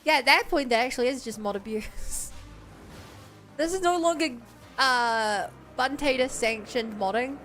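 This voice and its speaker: Woman, streamer, casual gameplay commentary, playful and joking, slightly high voice. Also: measured pace, fairly bright tone, faint music behind. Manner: playful, joking, laughs often.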